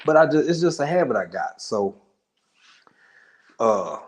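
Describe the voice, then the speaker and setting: A man's voice: medium pitch, very animated, measured pace, a little hiss or hum. Joking Texan man chatting with viewers. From Texas. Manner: chatty and joking, laughs often, rambles in asides. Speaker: livestream host. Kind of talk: casual chat with live viewers.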